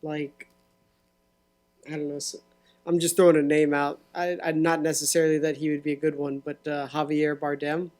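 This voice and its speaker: At a moderate pace and in a somewhat high voice, this podcast co-host keeps the conversation casual. He's relaxed and agreeable, going along easily with his partner and dropping in lots of mm-hmms.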